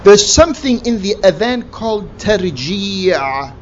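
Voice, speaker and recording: A man's voice: high voice, animated, slow pace, highs cut off, background noise. A man giving a religious lecture, emphatic and full of rhetorical questions. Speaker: Islamic lecturer.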